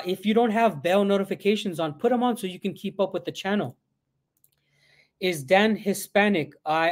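A man answering viewer questions on a casual live stream, reading questions aloud and rambling a little, sometimes switching into Spanish. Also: a little high. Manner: rambling, reads out chat questions, mixes in Spanish.

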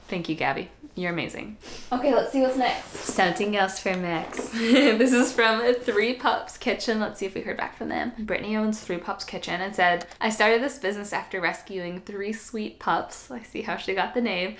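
Bubbly woman gushing in an echoey room. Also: mid-range voice. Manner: gushing and bubbly, squeals at cute items. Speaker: YouTuber. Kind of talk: excited unboxing vlog.

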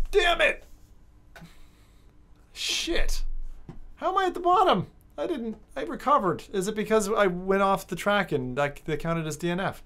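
Gravelly, animated woman game streamer. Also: a little high. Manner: excitable, swearing, joking, talks to chat. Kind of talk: casual live-stream chat while gaming.

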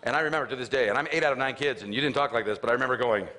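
A man's voice: mid-range voice, racing. A middle-aged man, a motivational speaker, telling a family story to an audience and acting out the dialogue with humor. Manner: animated storyteller, acts out his father's lines with raised voice.

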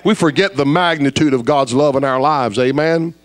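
A man preaching a fiery evangelistic sermon, dropping to low intensity then rising to loud, high shouts. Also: normal speed.

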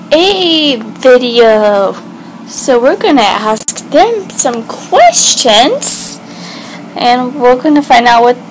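A woman's voice: high voice, a little hiss or hum, low-quality recording. A woman hosting a playful pet vlog at home, asking her dogs questions in sing-song baby talk. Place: home room with an ottoman.

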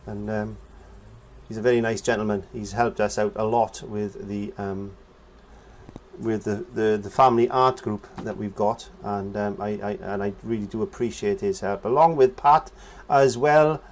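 A man's voice: lowish voice, steady tone, moderate pace, slight background noise. A man giving a casual painting lesson, chatting as he works and humming nonsense syllables while he paints. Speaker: painting teacher.

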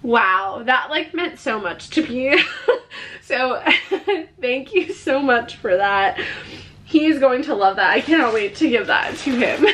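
Young female vlogger, high-pitched, unhurried, gushing delivery, faint room hiss. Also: animated, fairly bright tone. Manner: gushing, emotional, frequent "like" fillers. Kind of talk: casual haul vlog.

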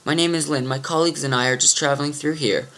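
Firm young female sword leader, raised voice, measured delivery, read by a man. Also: a little high, fairly even intonation, a bit bright. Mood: earnest.

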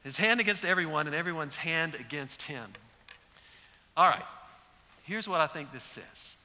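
Male preacher, animated storyteller, sharp bright tone, echoing sanctuary. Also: a little high, normal speed. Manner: animated storyteller acting out quotes. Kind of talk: sermon. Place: large church sanctuary. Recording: echoey hall.

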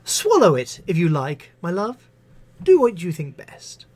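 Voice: medium pitch, wildly swooping pitch, a little slow, a little mellow, voice pushed up. A live-stream poetry reader voicing a harried female schoolteacher who brushes off a child with breezy, singsong endearments. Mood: breezily dismissive.

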